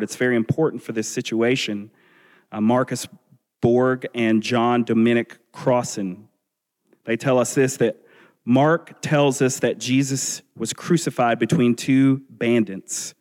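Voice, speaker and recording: A man preaching a sermon as a pastor, earnest and measured, asking his listeners rhetorical questions. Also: mid-range voice, a little mellow. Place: church sanctuary. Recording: long reverb of a large hall.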